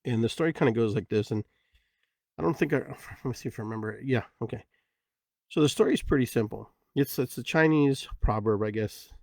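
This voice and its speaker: A man's voice: mid-range voice, brisk, gravelly, darkish tone, no room sound. Brief: middle-aged male podcast host, rambling reflective storyteller, dry untreated sound. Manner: rambling, many "you know" fillers.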